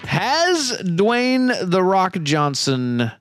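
A man co-hosting a podcast in casual chat, dropping wry, deadpan asides. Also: high voice, drawn-out words, over music. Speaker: podcast co-host.

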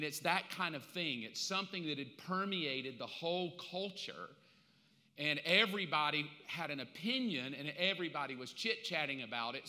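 A man in his fifties preaching a casual, conversational sermon, telling the story in an animated way with slangy asides. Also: a little high. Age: 50s. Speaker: pastor. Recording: long reverb of a large hall.

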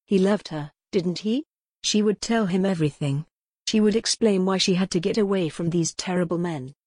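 A woman narrates an audiobook in a measured, even way. Her voice sits a little low for a woman, and the close studio recording is dry with no room sound. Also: no room sound. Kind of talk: scripted narration.

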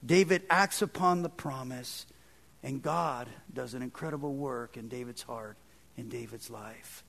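A man preaching a sermon as pastor, in a conversational way that swings between loud emphatic stretches and soft low passages. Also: unhurried, creaky. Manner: conversational, with frequent "man" and "kind of".

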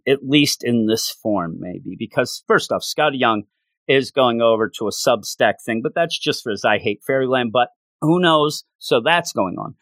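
A man casually recapping a comic book issue and acting out the characters' lines in livelier, higher voices. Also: a bit bright, no room sound. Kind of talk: casual recap with acted-out quotes.

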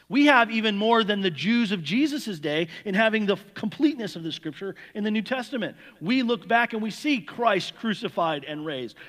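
A man's voice: high voice, a bit bright. A man preaching an earnest, emphatic sermon that weaves in an illustrative story. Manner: earnest, emphatic, repeats words. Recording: long hall reverb.

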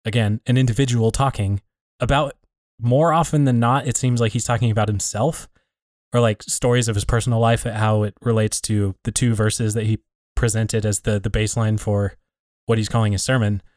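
A man in a relaxed conversation, thinking aloud about community and faith, often restarting and rephrasing as he works out his point. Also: on the low side, normal speed, dry recording, studio quality. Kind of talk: reflective casual conversation.

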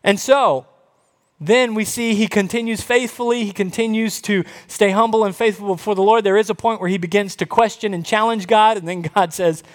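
A man preaching a sermon, telling Bible stories with animated quoted voices. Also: high voice, moderate pace. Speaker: pastor. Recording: long reverb of a large hall.

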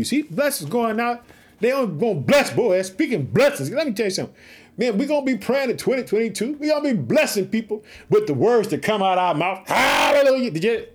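Male podcast preacher, high voice, pumped up, frequent hallelujahs. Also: big pitch swings, fairly quick. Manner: fired-up, exclaims hallelujah often. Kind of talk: podcast sermon with Bible reading.

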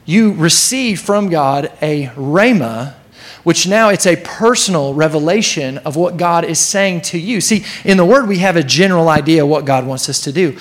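A man pastor preaching to his church in an animated way, sometimes acting out the voices in the story. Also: a little high. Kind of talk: sermon.

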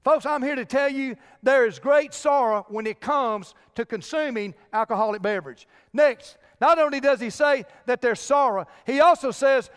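A man's voice: very high-pitched, moderate pace, few pauses, clean tone, long reverb tail. A male pastor preaching a sermon with emphatic direct appeals to his congregation.

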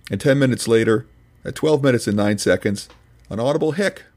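A man's voice: mid-range voice, fairly quick, a little mellow. A man hosting a podcast, reading scripted commentary in a dry, mock-serious, pedantic manner. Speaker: podcast host reviewing another podcast.

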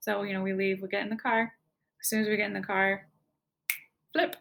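Woman with a very creaky voice. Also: mid-range voice, little pitch movement, a little fast, fairly bright tone, slight background noise. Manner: casual, conversational, fills speech with "like". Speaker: guest. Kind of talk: personal storytelling.

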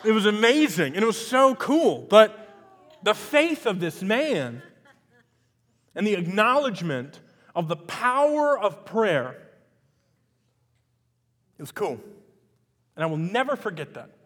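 A male pastor telling a personal story in a sermon, chatting at times and building to loud, emphatic preaching. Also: high voice, sing-song, slow, pauses often. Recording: long hall reverb.

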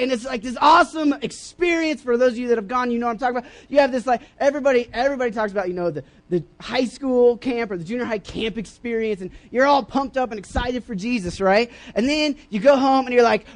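A young man giving a casual sermon in a church, rambling through personal stories with many restarts and fillers, and bursting into loud acted-out voices. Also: very high voice, fast talker, hardly any pauses. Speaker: preacher.

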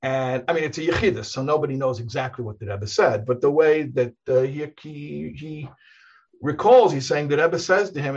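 A man's voice: on the high side, normal speed, darkish tone, husky, dull audio. A man, a rabbi, talking casually in a conversation, telling stories in a rambling way with many restarts and laughs.

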